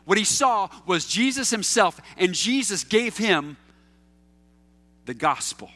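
Middle-aged guy preaching, kinda high voice, chatty story-telling style with lots of uh's and repeats. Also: animated, slow, bright, forceful tone. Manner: casual and anecdotal, with fillers and repeats. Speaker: pastor. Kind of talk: conversational sermon.

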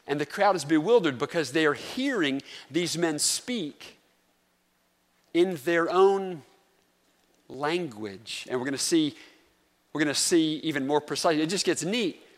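A man's voice: on the high side, animated, unhurried, big-room sound. A man from North Carolina with a Southern accent, preaching a sermon as pastor in a conversational way and putting questions to the congregation. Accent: Southern American, North Carolina.

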